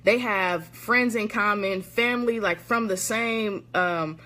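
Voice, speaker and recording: A woman's voice: medium pitch, takes it slowly, sharp tone. A woman telling a personal story in a chatty, casual way, full of slang and asides to her listeners. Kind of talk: conversational storytelling monologue.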